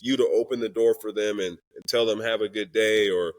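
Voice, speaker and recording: A man's voice: on the low side, steady tone, brisk. A young man, a guest telling a personal story in candid conversation, acting out the voices of people in it. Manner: earnest and emotional, acts out quoted dialogue. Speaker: podcast guest, Christian rapper.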